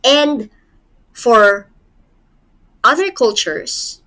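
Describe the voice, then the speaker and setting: A woman's voice: a little high, animated, drawn-out words, bright, forceful tone. A woman with a Filipino accent giving a literature lesson, explaining a poem with rhetorical questions and small laughs. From Philippines. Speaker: literature teacher. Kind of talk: poetry lecture.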